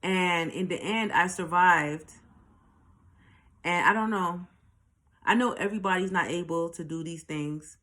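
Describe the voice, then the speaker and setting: A woman's voice: on the low side, measured pace, long pauses, bright, forceful tone. A woman telling her own story in a blunt, profane way, often repeating a line for emphasis. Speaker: channel host telling a personal story. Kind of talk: candid personal storytelling.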